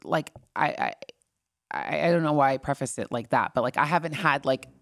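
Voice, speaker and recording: Low-voiced woman telling stories. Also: brisk, no echo, studio quality. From California. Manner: rambling, animated storytelling. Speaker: guest singer-songwriter. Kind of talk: casual interview chat.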